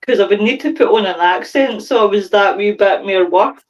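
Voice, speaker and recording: A woman's voice: mid-range voice, moderate pace, poor audio. A woman co-hosting a podcast in casual chat, talkative, laughing often and swearing casually. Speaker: podcast co-host.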